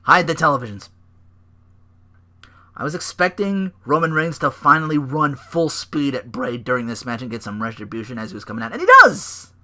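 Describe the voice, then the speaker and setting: A man's voice: medium pitch, brisk, pushed and bright. A man hosting a podcast alone, rambling through a casual recap, swearing freely and acting out the people he talks about. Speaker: podcast host.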